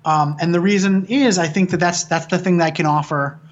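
A man's voice: sits high, a little fast, dull audio. A man in his thirties from Michigan, a filmmaker guest telling stories in casual conversation, swearing often and restarting sentences. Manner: rambling, profane storytelling with frequent restarts.

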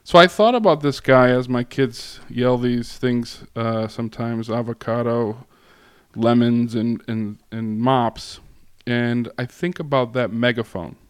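A man speaking as a guest lecturer to a class, in a relaxed way with many fillers, pauses and restarts. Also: mid-range voice, clean tone, no echo, clean studio sound. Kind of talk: casual classroom talk.

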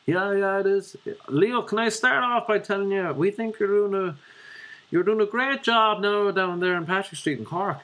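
A smooth-talking Dublin phone company manager, as an Irishman puts him on for a prank call story. He is pitched well above a normal speaking voice and sounds falsely friendly, coaxing and patronising. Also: normal speed, a bit bright.

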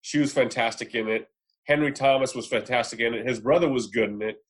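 A man's voice: medium pitch, fast. A man in a casual podcast chat, giving rambling, opinionated takes on movies. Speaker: podcast panelist. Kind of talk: casual film discussion.

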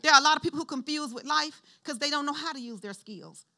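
A middle-aged woman pastor giving a sermon in an animated, conversational style, calling on the congregation to respond. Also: high voice, fast talker.

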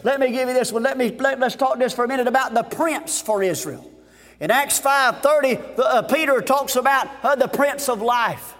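A man preaching a fervent revival sermon, often shouting and stretching words. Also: very high-pitched. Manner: fervent, shouting, drawn-out pauses. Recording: long hall reverb.

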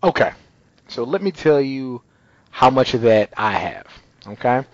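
A man's voice: mid-range voice, unhurried, no room sound, highs cut off. A man telling a story in casual chat, acting out the people in it. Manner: animated storyteller, acts out voices.

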